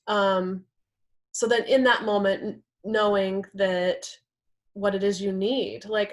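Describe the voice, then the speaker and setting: A woman's voice: mid-range voice, level tone, normal speed. Chatty woman teaching a class. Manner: conversational, uses "right?" and "like" often. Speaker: workshop instructor.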